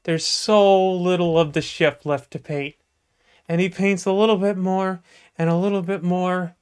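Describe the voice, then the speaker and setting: A comedian telling a long shaggy-dog joke live, with drawn-out, playful narration and sudden bursts. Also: mid-range voice, steady tone, darkish tone, clear, resonant tone. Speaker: comedic storyteller.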